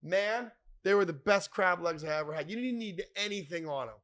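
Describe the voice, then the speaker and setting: A middle-aged man hosts a podcast from a bar in a high-pitched, fairly quick, fairly bright voice. His casual storytelling chat is rambling, profane, and jokey, packed with name-dropping.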